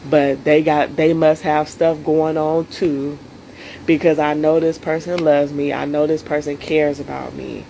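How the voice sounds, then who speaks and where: Earnest woman with a gravelly voice. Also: low-pitched, level tone, measured pace, warm tone, a little hiss or hum, poor audio. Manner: earnest, speaks straight to viewers; emotional. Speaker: self-care coach. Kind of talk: solo live stream talk.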